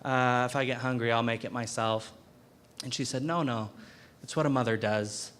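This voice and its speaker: A man's voice: medium pitch, steady tone, fairly bright tone, smooth. Earnest young man giving testimony. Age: young adult. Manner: earnest, halting, with frequent repeated words. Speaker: student speaker. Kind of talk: personal testimony. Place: university chapel.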